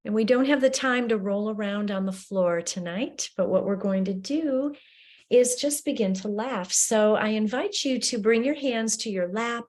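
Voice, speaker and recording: Slow, soothing woman leading meditation. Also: medium pitch, darkish tone. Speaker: meditation and laughter yoga leader. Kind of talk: guided meditation.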